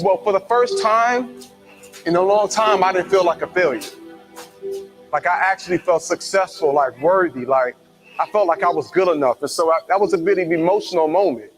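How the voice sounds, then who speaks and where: A man with a notably high voice tells his own story as a motivational speaker. He talks in an animated way and acts out the people he quotes. Faint music plays behind him. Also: fairly quick, rough recording. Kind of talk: personal storytelling talk.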